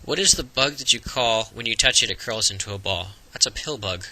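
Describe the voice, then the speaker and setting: A man's voice: medium pitch, bright, forceful tone, poor audio. A young man with a Floridian American accent, chatting casually and reading a word list in an accent tag video. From Florida, USA. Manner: chatty, upbeat, lists words slowly. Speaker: vlogger.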